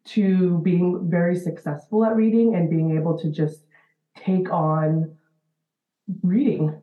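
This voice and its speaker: Tinny, echoey lower-voiced woman educator. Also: slow pace. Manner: earnest, steady explaining with fillers. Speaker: special-needs educator guest. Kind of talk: interview answers. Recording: tinny phone-like line in an echoey room.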